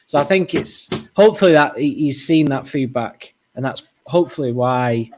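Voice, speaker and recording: A man's voice: medium pitch, expressive, normal speed, a little mellow, a little hiss or hum. A man co-hosting a casual podcast chat, explaining his views at length in a thoughtful way. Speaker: podcast co-host.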